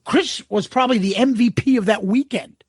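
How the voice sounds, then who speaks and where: A man co-hosting a podcast, telling stories in an animated, profane way and acting out what people said. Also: sits high, moderate pace, slightly rough, no echo, studio quality. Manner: swearing, animated storytelling with quoted voices. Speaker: podcast co-host. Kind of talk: casual chat.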